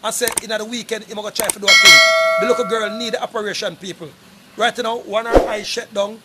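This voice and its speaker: Heavy background noise surrounds a middle-aged Jamaican man whose high voice moves at a quick pace with fairly even intonation. He's a vlogger speaking casually to camera, emphatically repeating an appeal for donations and calling out to people again and again.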